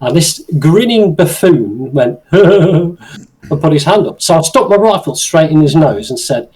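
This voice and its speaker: A man tells army stories in a relaxed chat. His voice sits fairly high for a man and swings up and down as he laughs through his anecdotes. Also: measured pace, husky, rough recording. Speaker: guest, former soldier. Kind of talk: casual storytelling chat.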